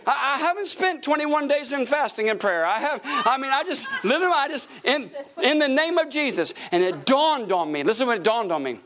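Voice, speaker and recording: Male pastor, middle-aged, high voice, preaching live in a church, dynamic swings from hush to shout. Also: expressive, brisk, hardly any pauses. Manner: tells a story with quoted dialogue. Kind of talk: sermon. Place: church sanctuary before a congregation.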